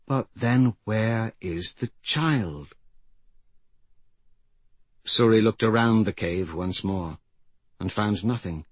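Man reading a fantasy audiobook, low husky voice, slow and grave, dry close sound. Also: no echo. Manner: measured, grave storytelling. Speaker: audiobook narrator. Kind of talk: scripted fantasy story narration.

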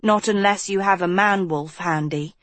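A woman's voice: mid-range voice, moderate pace, a bit bright, no echo, close to an everyday voice. Woman doing a storybook teen boy, tired, sardonic, impatient, dry sound. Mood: weary. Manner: weary, snorting sarcasm.

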